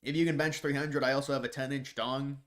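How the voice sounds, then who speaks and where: A man hosting a casual live stream, reading out viewer questions and answering them off the cuff at an average pitch. He rambles and trips over the starts of his sentences, repeating words before the thought lands, and slips into scornful, mocking asides. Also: steady tone, quick pace, fairly bright tone.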